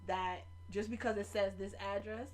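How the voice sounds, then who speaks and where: A woman hosting a home podcast, telling stories in a lively, profane way. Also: medium pitch, normal speed. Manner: animated, profane storytelling with loud acted-out quotes. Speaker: podcast host. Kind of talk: casual storytelling chat. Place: home room near a kitchen window.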